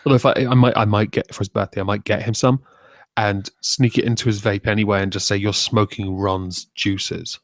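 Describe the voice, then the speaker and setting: Guy streaming, lowish voice, dry mic, crude jokes and lots of laughs. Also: steady tone, fast talker, dry recording. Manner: crude joking banter, laughs often. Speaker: streamer host. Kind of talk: casual chat.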